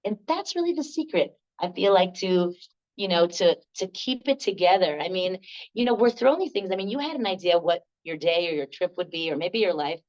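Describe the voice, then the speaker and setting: An older woman leading a laughter workshop, telling lively stories, laughing often and acting out the voices of the people in them. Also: on the low side, a little fast, lo-fi sound. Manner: animated, laughs often, acts out quoted voices. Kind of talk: storytelling workshop talk.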